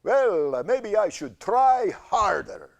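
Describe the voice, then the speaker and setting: A man puts on a talking cancer tumor for a comedy skit, drawling like an old horror-film vampire. It is raised, gravelly and slow, always pleading and quick to take offense. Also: high voice, very animated, dull audio, pitched above the performer's own voice, full character voice. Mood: wheedling. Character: talking male cancer tumor, whiny and wheedling. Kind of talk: comic monologue skit.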